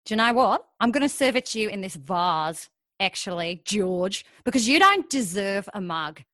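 A woman playing a hostile, sharp-tongued cafe owner in an improvised comedy soap. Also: medium pitch, very animated, normal speed. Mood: snappy. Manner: scornful, snappy.

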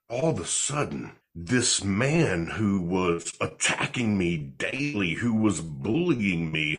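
A man tells his own faith story with lots of life in his voice. His voice is on the low side and a bit husky, and his pitch swings widely as he slips into the voices of the people he is quoting. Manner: animated storyteller acting out dialogue. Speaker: podcast guest. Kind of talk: telling a personal faith testimony.

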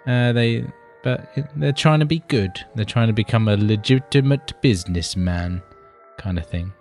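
A man's voice: fairly low pitch, normal speed, a little mellow. A British man co-hosting a podcast in casual chat. He rambles and swears, keeps calling his co-host buddy, and has faint music behind him.

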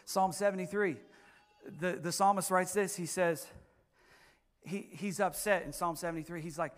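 Pastor guy preaching, real high voice, goes loud then quiet. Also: fairly even intonation, moderate pace, long pauses. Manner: preaching with rising, shouted build-ups and quiet asides. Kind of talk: sermon.

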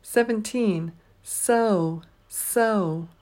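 Slow, deliberate woman reading spelling words. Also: mid-range voice, darkish tone. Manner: slow, deliberate, repeats each word twice. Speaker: spelling teacher. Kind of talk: reading a spelling word list.

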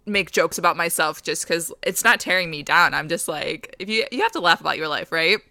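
A woman's voice: fairly low pitch, fairly quick, bright, forceful tone, no room sound. A woman co-hosting a casual chat, talkative and joking about herself. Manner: chatty, self-deprecating humor. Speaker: podcast co-host.

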